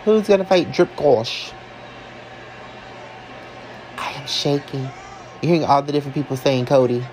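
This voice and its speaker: A man reacting live as a fan, excitable and emotional, talking casually and sassily to his viewers. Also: mid-range voice, normal speed, slight background noise, low-quality recording. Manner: casual and sassy, calls listeners y'all and honey. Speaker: wrestling fan vlogger.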